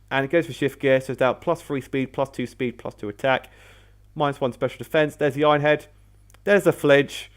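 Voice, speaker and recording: A man hosting a casual battle commentary video, rambling and often correcting himself mid-sentence. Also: mid-range voice. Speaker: host.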